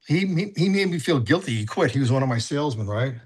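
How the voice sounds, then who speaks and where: An older man speaks candidly about his past, working through a personal inventory out loud. His delivery is halting and unpolished, full of fillers and restarted phrases. His voice sits at an ordinary middle pitch for a man. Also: expressive, breathy edge. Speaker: recovery sponsor and coach. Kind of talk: personal testimony, casual and confessional.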